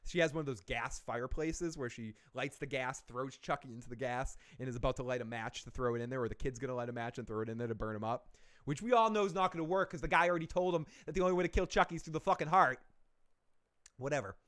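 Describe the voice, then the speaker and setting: This man's mid-range voice moves at a quick pace as he hosts a live-stream movie review. He retells the plot in a loose, animated ramble, full of self-corrections, cursing, and laughter at his own jokes.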